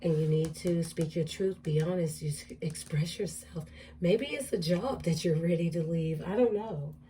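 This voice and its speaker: A woman's voice: on the low side, moderate pace, mellow, recorded from a distance, a little hiss or hum. A woman doing a casual tarot reading, musing aloud and repeating card affirmations. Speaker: tarot reader.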